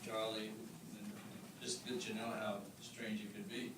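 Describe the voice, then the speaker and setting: A man's voice: lowish voice, flat delivery, unhurried. A man, a former student, reminiscing at a memorial, hesitant and full of fillers. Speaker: former student and event emcee. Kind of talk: informal remarks at a memorial. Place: hall at a memorial gathering. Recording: distant, echoey, loud crowd noise.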